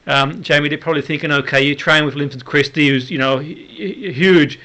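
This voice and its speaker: A man's voice: fairly high pitch, steady tone, fairly quick, bright, forceful tone. A man hosting a radio sports show, asking long, encouraging questions full of fillers. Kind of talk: radio interview.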